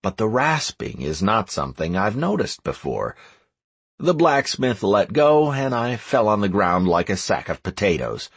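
A man narrating a fantasy audiobook in the first person, telling it in a wry, expressive way. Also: lowish voice, a little slow, husky, no echo.

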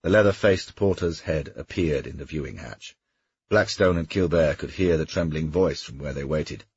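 Deep husky male audiobook narrator. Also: normal speed, muffled recording. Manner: steady storytelling. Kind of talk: scripted narration.

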